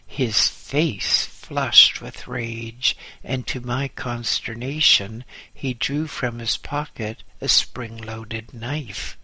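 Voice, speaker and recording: Male memoir narrator, unhurried and deliberate, crisp bright tone, dry close sound. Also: medium pitch, steady tone, no room sound, low-quality recording. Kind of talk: first-person memoir audiobook narration.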